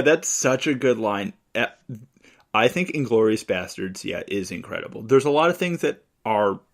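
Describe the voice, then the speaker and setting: A man's voice: fairly low pitch, creaky. A young man co-hosting a casual movie podcast, enthusiastically retelling his favorite scenes. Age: young adult. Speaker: podcast co-host.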